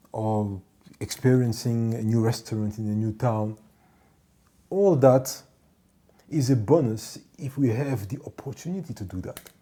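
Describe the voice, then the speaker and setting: A man telling a story from his work as a ship's doctor and department head, in a measured, emphatic way that repeats points for stress. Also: mid-range voice, mellow. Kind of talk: storytelling monologue.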